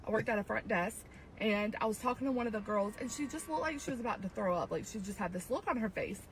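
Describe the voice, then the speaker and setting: A woman telling a casual personal anecdote in a chatty, animated way. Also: fairly high pitch, quick pace, slight background noise, rough recording. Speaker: storyteller in a played clip.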